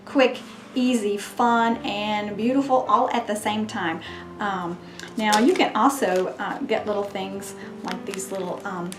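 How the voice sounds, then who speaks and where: A woman hosting a crafts tutorial, talking in a chatty, gushing way as she demonstrates. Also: medium pitch. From Mississippi, US. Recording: roomy echo with background music.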